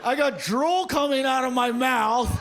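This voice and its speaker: A high-voiced stand-up comedian delivers his set slowly on a comedy club stage as the audience laughs. He tells stories animatedly and acts out quotes, in a live club recording with audience noise.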